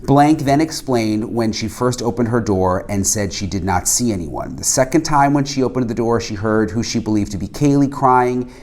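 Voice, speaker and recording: A man reading a police report aloud in a measured, steady way, with small hesitations. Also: mid-range voice.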